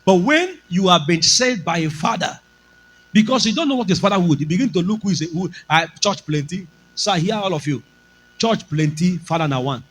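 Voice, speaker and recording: Nigerian-accented male pastor, emphatic sermon delivery, high lively voice. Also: a little fast, a little hiss or hum, low-quality recording. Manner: emphatic preaching, slipping into Pidgin.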